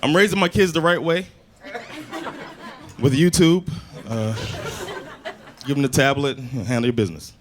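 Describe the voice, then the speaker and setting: A man doing loose, animated stand-up comedy on a club stage into a handheld mic. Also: mid-range voice, a little slow, pauses often, some chatter behind. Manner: loose, animated, acts out scenes. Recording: live club, audience laughter.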